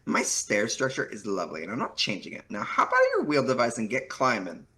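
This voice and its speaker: A man voicing a bossy, scornful young female troll in a high, pushy Valley Girl voice during a comic read-aloud. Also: wildly swooping pitch, a little fast, pushed and bright.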